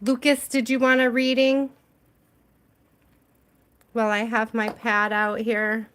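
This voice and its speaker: A woman's voice: a little high, level tone, slow pace, fairly bright tone. An American woman hosting a tarot livestream, chatting with viewers and reading out their names. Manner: chatty, reads out viewer names, laughs often. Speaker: tarot reader and livestream host. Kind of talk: casual livestream chat with viewers.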